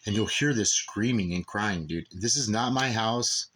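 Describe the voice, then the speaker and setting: Man, low-pitched, rambling, emphatic, keeps checking in with the listener. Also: measured pace, a bit bright, a little hiss or hum. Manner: rambling and emphatic, repeating "okay?" and "dude". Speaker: father telling a personal story. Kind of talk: casual spoken monologue.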